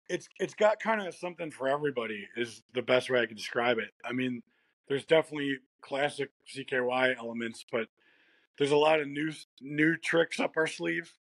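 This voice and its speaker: Rambly american guy in an interview, husky voice, laughs a lot, dead dry sound. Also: a little high, no room sound. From United States. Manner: laid-back, rambling, laughs often. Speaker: guest musician. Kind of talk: casual interview chat.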